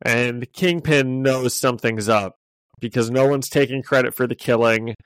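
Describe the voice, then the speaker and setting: Man, mid pitch, easygoing podcast co-host; chatty recap with laughs and restarts, close dry sound. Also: moderate pace, clear, resonant tone, dry recording. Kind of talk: casual chat.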